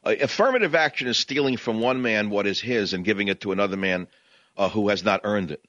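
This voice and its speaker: Impassioned New York radio host, bright voice. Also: male voice, lowish voice, fast, dry recording, highs cut off. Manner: impassioned, combative ranting. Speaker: radio talk show host. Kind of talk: talk radio monologue. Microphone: studio microphone, dry.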